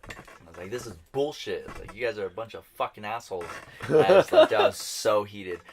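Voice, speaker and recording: A man's voice: fairly low pitch, fast, background noise. A man co-hosting a podcast, telling a bar fight story in casual chat, swearing and acting out what people said. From New Mexico, US. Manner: animated, swearing, acts out quotes. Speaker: podcast co-host.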